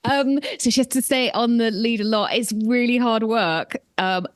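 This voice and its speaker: A woman's voice: fairly high pitch, normal speed, no echo. A woman in her forties, co-hosting a podcast in casual chat, telling stories in a chatty way and laughing often. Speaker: podcast co-host.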